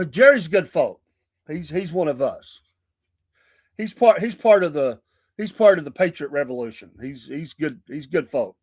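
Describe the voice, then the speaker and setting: A man's voice: fairly high pitch, lively intonation, unhurried, long pauses, a little mellow, husky, no room sound, clean studio sound. A man with a Southern US accent hosting a morning talk show, chatting casually and laughing often between remarks. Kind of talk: casual chat.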